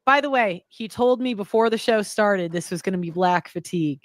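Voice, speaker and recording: A woman's voice: mid-range voice, normal speed, no echo. A woman speaking as a panel guest in a heated discussion, exasperated and defensive.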